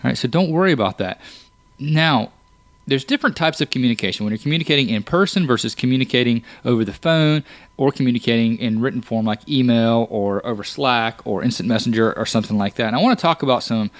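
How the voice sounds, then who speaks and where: A man's voice: mid-range voice, no room sound. A man hosting a podcast, talking casually and explaining ideas with everyday examples, often restarting his words. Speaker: podcast host. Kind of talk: casual solo podcast talk.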